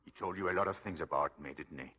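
A man's voice: sits low, fast, bright, forceful tone, full character voice. An actor playing a scheming, desperate husband in a 1940s radio drama, pleading with his wife. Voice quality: gravelly, pleading.

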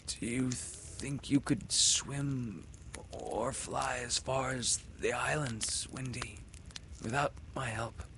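A man's voice: mid-range voice, moderate pace, gravelly, background noise, voice pushed up. A man voicing a brave young boy who is wounded and weak, speaking faintly in a storybook reading. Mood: weary. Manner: quiet, faint and tired. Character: wounded boy hero, brave but weakened.

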